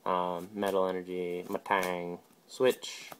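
A man casually opening a pack of trading cards on camera, calling out each card name in quick, offhand bursts. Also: deep voice, completely flat delivery, a little hiss or hum. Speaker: video host.

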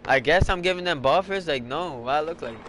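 A man's voice: on the high side, lively intonation, brisk, a bit bright, slight background noise. A young man casually commenting while playing a basketball video game, swearing and trash-talking in slang. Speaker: gamer streaming a basketball game.

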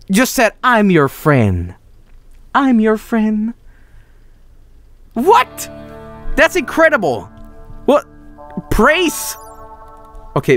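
A young man streaming a video game, excitable and swearing, often yelling at the characters on screen. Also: high voice, no room sound. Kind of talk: gaming livestream commentary.

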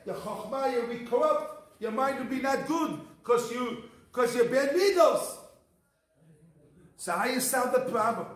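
A man, a rabbi, teaching a Torah class in an emphatic, repetitive manner, his English mixed with Hebrew terms. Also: high voice. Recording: echoey room.

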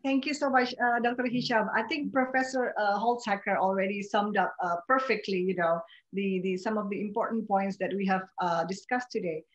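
A woman, a doctor and panel speaker, giving an unscripted webinar summary over a video call, halting with frequent fillers. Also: medium pitch. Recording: dull muffled video-call audio.

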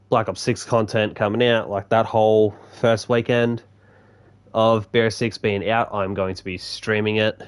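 A young male streamer talks over his game in a loose, rambling stream-chat style. His voice sits a little on the low side. He swears offhandedly and often trips over and restarts his sentences. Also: smooth. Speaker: gaming streamer. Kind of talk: casual live-stream chat while gaming.

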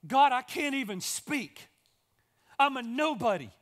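Moses, a frightened and doubting man, pleads in a raised, strained voice, insisting he is a nobody, as a man puts him on. Each protest comes out loud and panicky. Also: extremely high pitch, expressive, measured pace, voice pushed up, heavily acted. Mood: panicked.

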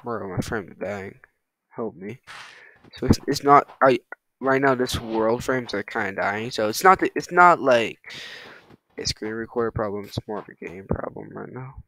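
A man giving excitable let's-play commentary on a survival game, swearing often and talking to his chat. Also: mid-range voice, moderate pace, creaky, no room sound. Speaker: gaming streamer. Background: background music.

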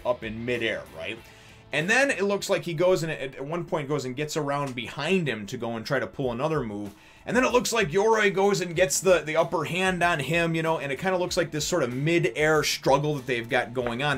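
A man in his thirties talks through a manga chapter in a loose, rambling way, full of fillers, restarts and casual swearing. His voice sits at an ordinary middle pitch. Faint music plays underneath. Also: a bit bright. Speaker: manga review host. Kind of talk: casual video review.

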